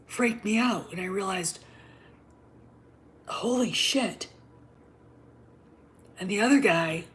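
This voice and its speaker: A middle-aged woman hosting a livestream, talking in an emphatic, combative way and often dropping to a low whisper. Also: slight background noise. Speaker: show host. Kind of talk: opinionated livestream monologue.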